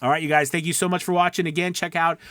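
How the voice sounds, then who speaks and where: A man's voice: a little high, level tone, quick pace, bright, forceful tone, clear, resonant tone, dry recording. Man coaching voice actors, dry sound. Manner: conversational, repeats "okay" and "right" to check in. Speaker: voice acting coach. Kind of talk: casual teaching monologue.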